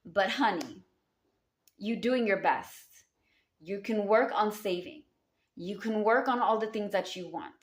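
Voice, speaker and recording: A woman's voice: medium pitch, animated, measured pace, long pauses. A woman with a Southern US accent giving a casual tarot reading, speaking affectionately and calling her listeners honey and baby. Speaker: tarot card reader. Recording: roomy echo.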